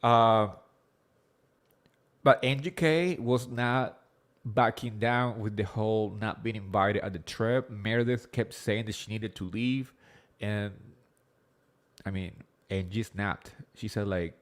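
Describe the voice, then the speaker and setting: A man with an accent hosting a casual live recap chat, rambling quickly with lots of fillers and swearing freely. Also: on the low side. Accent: non-native English accent. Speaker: host of a reality TV recap show.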